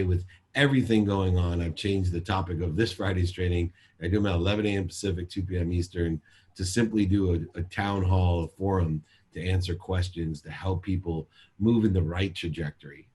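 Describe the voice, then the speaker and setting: A man's voice: low voice, darkish tone, breathy edge. A man speaking as a motivational speaker at a sales seminar, emphatic and repetitive in a preachy way.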